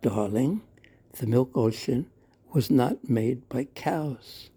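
A tender storybook mother, soothing and patient, explaining slowly to her small son, voiced by a man. the voice is dark and mellow with a gravelly, husky grain. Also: mid-range voice, expressive, heavily acted. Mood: gentle. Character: gentle loving mother of the child.

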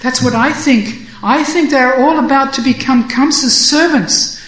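A woman's voice: high-pitched, unhurried, reverberant, voice pushed up, poor audio. A woman voicing a timid, boastful young male cowherd who cries out in alarm and then brags. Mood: fearful.

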